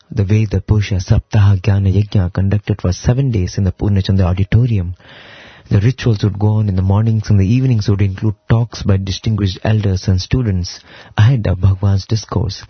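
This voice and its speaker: Husky man with reverent storytelling. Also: lowish voice, no echo, lo-fi sound. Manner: reverent storytelling, slow emphatic phrasing. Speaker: devotional speaker. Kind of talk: devotional talk explaining a hymn.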